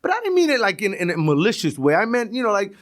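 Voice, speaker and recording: A man's voice: sits high, huge pitch swings, fast talker. Streetwise New man telling stories. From East New York, Brooklyn. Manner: streetwise, profane, repeats and restarts words. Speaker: retired police sergeant, guest. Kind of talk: casual storytelling.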